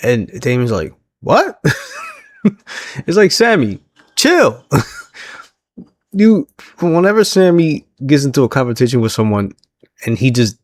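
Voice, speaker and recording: Male wrestling recap host, mid-pitched, chatty and laugh-prone, dry close mic. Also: animated, normal speed, pauses often, darkish tone, no room sound. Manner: chatty, laughing often, acting out quotes. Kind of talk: casual solo recap.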